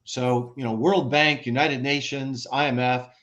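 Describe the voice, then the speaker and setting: An American man speaking as a podcast guest, explaining at length in an animated way, listing examples and often restarting his sentences. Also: medium pitch, measured pace, highs cut off. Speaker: guest, former ambassador and author. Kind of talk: conversational podcast interview.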